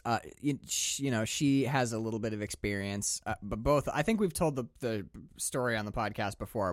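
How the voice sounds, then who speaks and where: A man co-hosting a podcast, chatting casually about a film, animated and laughing often as he acts out scenes. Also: medium pitch, dry recording, clean studio sound. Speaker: podcast co-host.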